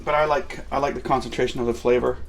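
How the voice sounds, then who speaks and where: A man walks through a recipe in his home kitchen, chatting loosely and filling gaps with "uh" and "um." His voice has a gravelly, fry-heavy edge. He teases himself as he goes, in an easygoing cooking-show manner. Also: medium pitch, fairly even intonation, fast talker, slight background noise. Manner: rambling and self-mocking, with many fillers. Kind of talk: casual cooking demonstration.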